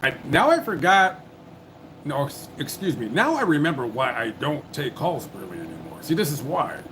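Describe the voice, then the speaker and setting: A man's voice: on the high side, big pitch swings, moderate pace, a bit bright, slight background noise, rough recording. A man hosting a live call-in stream, talking bluntly and cursing often. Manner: blunt, profane, impatient. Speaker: livestream host taking calls. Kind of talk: casual live call-in chat.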